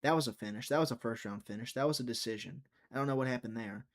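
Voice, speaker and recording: A man's voice: medium pitch, fast talker. A young man hosting a live fight-watching stream, chatty and teasing, reading viewer chat aloud.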